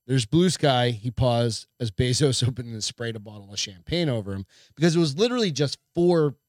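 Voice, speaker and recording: A man's voice: medium pitch, lively intonation, fairly quick, darkish tone, no echo, studio quality. A man co-hosting a casual podcast, joking loosely with heavy swearing and reading news stories aloud. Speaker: podcast co-host.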